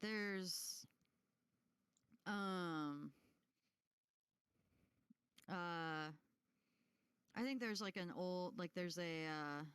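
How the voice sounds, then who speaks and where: A woman running a tabletop game as game master, narrating haltingly with many fillers and giggles. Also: on the low side, fairly bright tone, smooth, no echo. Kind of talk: casual tabletop role-play narration.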